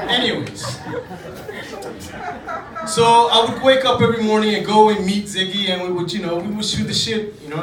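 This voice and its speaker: On a comedy club stage, a man from Djibouti performs a casual, profane stand-up set, telling self-deprecating stories as the audience laughs. His voice is high, picked up from far away in an echoey club with loud ambience and background noise.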